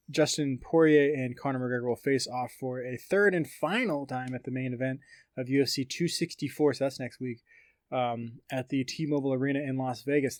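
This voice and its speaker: A man co-hosting a podcast, talking at a medium pitch in a loose, rambling way full of "like" and "you know" as he walks through fight news and reads quotes aloud. The sound is dry and close, with almost no room echo. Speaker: podcast co-host. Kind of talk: casual podcast chat about fight news.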